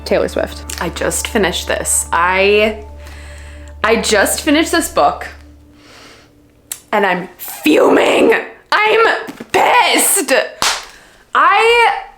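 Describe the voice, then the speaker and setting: A woman book vlogger in a casual, animated rant, exasperated and emphatic, repeating words for effect. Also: fairly high pitch, drawn-out words, long pauses. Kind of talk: casual reading vlog rant. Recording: echoey room with faint music.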